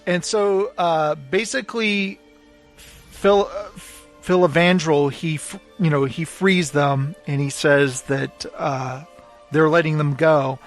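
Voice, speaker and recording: A man's voice: fairly high pitch, fairly even intonation, slow pace, faint music behind. A man co-hosting a podcast, casually recapping a book and acting out its quotes. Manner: retells scenes, acting out quotes. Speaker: podcast co-host. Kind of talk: casual book club chat.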